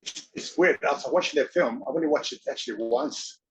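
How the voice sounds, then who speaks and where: A man as an interview guest, telling stories in an animated way, often laughing and acting out voices. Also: on the high side, a little fast, gravelly, poor audio. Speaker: interview guest, wrestler and actor. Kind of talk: casual storytelling.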